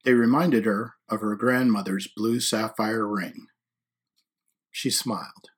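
A man narrating an audiobook in a measured, quiet storytelling manner. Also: lowish voice, fairly even intonation, slightly rough.

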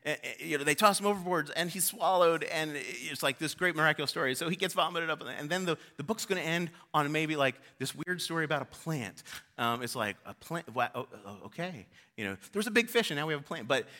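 Bright-voiced man preaching conversationally. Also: fairly high pitch. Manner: conversational storytelling preaching, informal. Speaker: pastor. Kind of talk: sermon.

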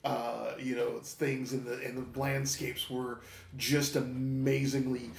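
Gravelly rambling man, echoey room. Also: medium pitch, flat delivery, takes it slowly. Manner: rambling, lots of fillers, chuckling. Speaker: podcast co-host. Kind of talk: casual chat.

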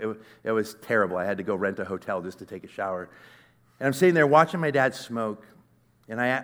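A middle-aged man preaching to a conference crowd as he tells a personal story. His voice sits on the low side, and he talks in an earnest, conversational way. He gets loud at moments and then drops to a near hush. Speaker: conference speaker. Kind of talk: sermon.

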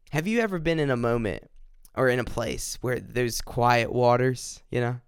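A man from upstate South Carolina, giving an earnest, informal devotional talk that slows down and repeats words when he reads scripture. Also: medium pitch, smooth, dry recording, clean studio sound. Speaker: devotional speaker.

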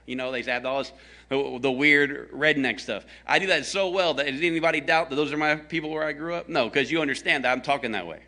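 A man's voice: on the high side, fast, pushed and bright. A man from the American South preaching a conversational sermon, telling a story with jokes aimed at his congregation. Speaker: pastor.

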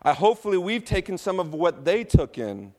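A man preaching a sermon to his church, drawing the congregation into call-and-response and moving between soft, low passages and loud ones. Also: big pitch swings, a little fast. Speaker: pastor.

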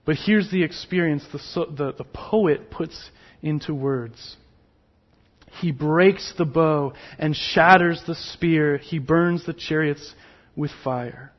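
Man, sermon, slow delivery, dramatic hushed drops, fairly high voice. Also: dull audio. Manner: slow, emphatic preaching with dramatic drops to near whisper. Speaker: pastor.

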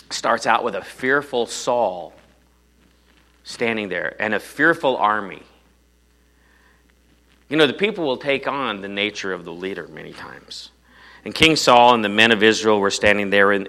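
A pastor with a fairly low-pitched voice delivers a sermon in a conversational, animated style. He keeps putting rhetorical questions to his congregation.

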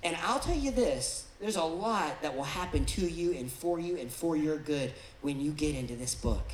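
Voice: mid-range voice, animated, normal speed, few pauses, echoey room, slight background noise, poor audio. A pastor giving a sermon in a church in a conversational way, now and then acting out the voices of the people being described. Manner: conversational, acts out quoted people in different voices. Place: church auditorium.

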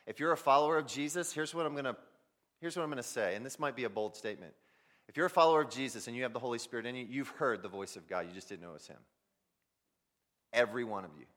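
A man preaching a sermon, swinging between loud emphasis and near-whispers as he speaks directly to his listeners. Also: mid-range voice, rapid-fire. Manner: addresses listeners directly as "guys". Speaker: pastor.

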